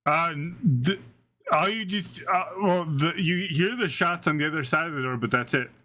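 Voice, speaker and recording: A man runs a tabletop game as dungeon master, his voice sitting fairly high for a man. He narrates in halting bursts, full of fillers and restarts. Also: sharp tone.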